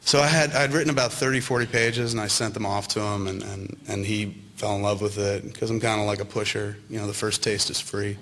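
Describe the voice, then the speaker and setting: A man's voice: fairly low pitch, a little fast, few pauses, a little hiss or hum. A man in his thirties telling casual, profane anecdotes to a live audience at a university event, acting out the other people in his stories. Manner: profane, animated, acts out others' lines.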